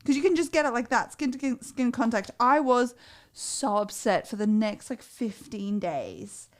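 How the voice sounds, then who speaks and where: A woman co-hosting a dating advice show, telling a story in a blunt, profane, animated way in casual chat. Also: on the high side, moderate pace.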